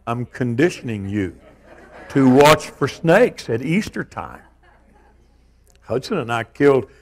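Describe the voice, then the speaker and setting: An older man preaching a sermon, telling stories with animated, self-mocking humor. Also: medium pitch. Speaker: pastor.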